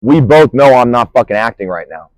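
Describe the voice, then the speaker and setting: A man delivering a furious, profane, threatening rant outdoors on a busy street, swinging between shouting and low muttering. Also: expressive, a little fast, dry recording, poor audio. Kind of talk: angry direct-to-camera rant.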